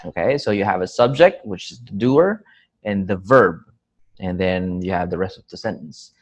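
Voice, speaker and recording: A man teaching an English grammar lesson, speaking clearly and patiently and acting out example questions with marked rising and falling intonation. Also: deep voice, moderate pace.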